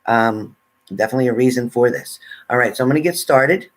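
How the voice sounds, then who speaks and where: A relaxed man talks his way through a live stream. He greets viewers and reads their comments aloud in a casual, chatty way. His voice sits at an ordinary middle pitch. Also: brisk. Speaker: tarot reader greeting live chat.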